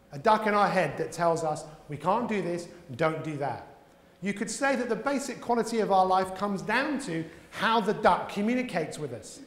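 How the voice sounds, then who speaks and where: A man giving a motivational keynote talk at a conference, telling stories and acting out the voices in them. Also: high-pitched. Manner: lively storyteller, acts out voices. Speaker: keynote speaker. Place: conference hall. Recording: echoey hall with long reverb.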